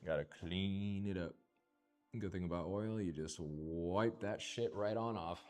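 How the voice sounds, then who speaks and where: A man's voice: low voice, unhurried, a little mellow, faint music behind. A man chatting casually on a live stream while he paints. He swears often, and he chants and whispers to himself as he works.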